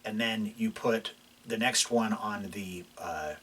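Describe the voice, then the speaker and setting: A man's voice: fairly low pitch, slow, recorded from a distance, slight background noise. Laid-back man teaching guitar. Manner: relaxed, explains while playing, many fillers and restarts. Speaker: guitar instructor. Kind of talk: casual guitar lesson. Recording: voice from off mic, guitar playing behind.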